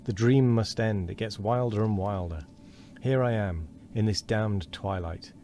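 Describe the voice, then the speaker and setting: A bewildered man out of his own time insists on who he is, earnest and then exasperated, voiced by a man reading aloud. His voice is very low. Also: unhurried, dark tone, slight background noise, natural voice.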